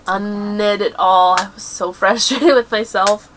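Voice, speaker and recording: A woman hosting a crafting video podcast in casual chat, chatty and quick with asides, laughing often. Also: mid-range voice, fairly even intonation, a bit bright, slight background noise. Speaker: podcast host.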